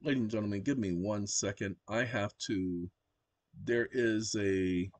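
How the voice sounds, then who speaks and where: A man's voice: fairly low pitch, unhurried, no echo. A man hosting his own channel, talking casually as he walks through a screen share and dictates commands aloud to a voice assistant at his computer. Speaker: channel host.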